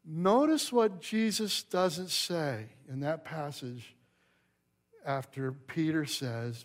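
A male pastor preaching a sermon in a church, telling the story in a lively way and putting questions to the congregation. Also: fairly high pitch, takes it slowly. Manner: animated storyteller, acts out quotes, asks the congregation questions.

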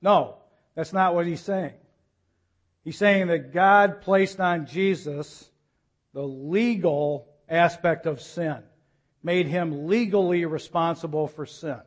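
Pastor, male, fairly high voice, earnest sermon delivery with urgent appeals. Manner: earnest preaching, reads scripture slowly, rises to urgent appeals.

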